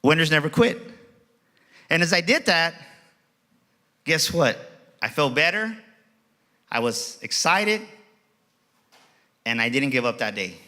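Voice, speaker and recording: A man's voice: fairly high pitch, sing-song, slow, long pauses, pushed and bright. A middle-aged man giving a passionate motivational keynote as emcee, telling a personal story with emphasis. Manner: passionate, emphatic, acts out quoted voices. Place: auditorium stage.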